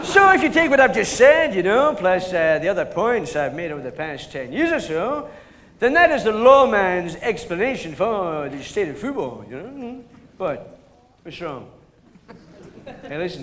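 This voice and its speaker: A man's voice: high voice, big pitch swings, moderate pace, a bit bright. A man with a Scottish accent impersonating a rambling, forgetful older football pundit who loses names mid-sentence. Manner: rambling, forgetful, full of "you know" and "eh?". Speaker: comedian doing an impression. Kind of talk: live sketch comedy. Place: live stage before an audience. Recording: live hall with audience and noise.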